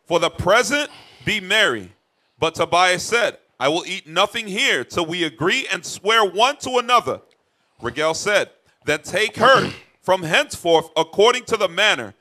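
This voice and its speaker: A man reading old scripture verses aloud at a steady, plain pace. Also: high voice, unhurried. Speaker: scripture reader.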